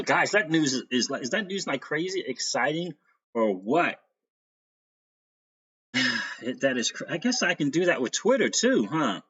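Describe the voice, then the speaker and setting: A man's voice: mid-range voice, fairly bright tone, husky, muffled recording. A man hosting a casual crypto livestream, reading out viewer names and greeting them, laughing often.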